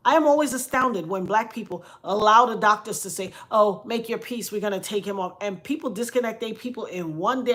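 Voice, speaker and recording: A woman's voice: mid-range voice, a little fast, hardly any pauses, fairly bright tone. Middle-aged woman, commentary vlogger, emphatic preaching tone, mid-range voice. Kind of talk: casual commentary vlog.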